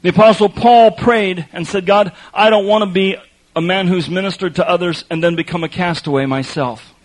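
A man preaching a sermon, telling a lively story with laughs and then reading scripture slowly and quietly. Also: sits high, low-quality recording.

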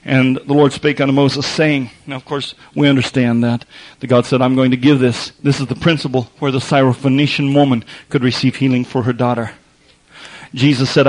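A man's voice: mid-range voice, level tone, fairly quick, poor audio. A man preaching a sermon in a conversational way, repeating phrases for emphasis and slipping in wry asides. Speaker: pastor.

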